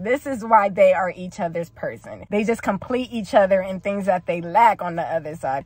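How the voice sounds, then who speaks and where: A woman in a car, gushing over a TV couple in casual, excitable reaction commentary, swearing freely. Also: mid-range voice, no room sound. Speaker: video host reacting to a TV show.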